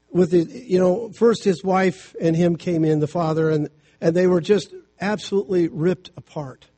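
This middle-aged preacher speaks like a family counselor, blending Bible passages with everyday anecdotes in a relaxed, chatty way. His voice sits a little high and carries a dark tone, and his storytelling sermon is sprinkled with fast asides.

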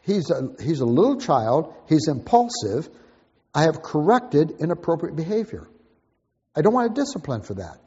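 Older man, husky voice, conversational teaching talk, long hall reverb, muffled lo-fi recording. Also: a little high, very animated, moderate pace, darkish tone. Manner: conversational, folksy, plain-spoken. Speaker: Christian parenting teacher.

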